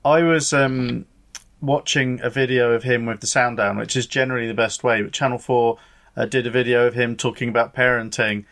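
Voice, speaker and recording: A man hosting a podcast in casual chat, dry and deadpan, with hesitant ums. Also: mid-range voice, fairly quick. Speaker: podcast host.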